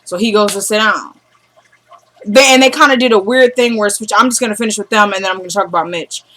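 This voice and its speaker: A young woman vlogger recapping a TV episode in an excited, breathless way, talking to her viewers as y'all and acting out what the characters say. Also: medium pitch, fast talker, a little hiss or hum. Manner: animated, breathless, addresses viewers as y'all, acts out character dialogue.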